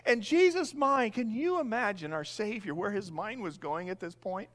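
A middle-aged man preaches with a notably high voice. He delivers the sermon animatedly, slipping into the voices of the people in the story as he goes. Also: normal speed. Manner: animated, acts out the disciples' voices. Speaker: pastor.

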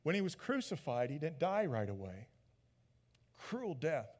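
A man preaching a sermon as a pastor, retelling the story in a lively way and acting out the people in it. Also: fairly high pitch, a little slow. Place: church sanctuary. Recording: long church reverb.

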